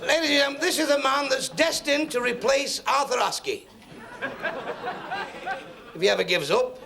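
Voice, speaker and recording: Male club compere, very high, gravelly, dry jokes; old recording with loud crowd. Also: normal speed. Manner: dry, joking announcer banter. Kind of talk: introducing acts.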